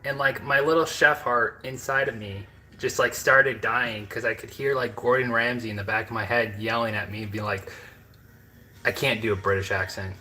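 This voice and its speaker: On a low-quality recording, a mid-range male voice holds a steady tone at a moderate pace, sounding pushed and bright. He's a home cooking vlogger from the American Midwest, chatting casually from his kitchen and wandering off into fillers and asides.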